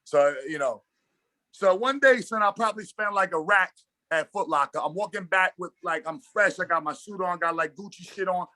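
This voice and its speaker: A man with a New York accent spins animated, slangy stories in a casual interview and acts out the dialogue as he goes. His voice sits a little high and sounds bright and forceful. The sound is close and dry. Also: normal speed, no room sound. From Brooklyn, New York. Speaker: guest, basketball coach.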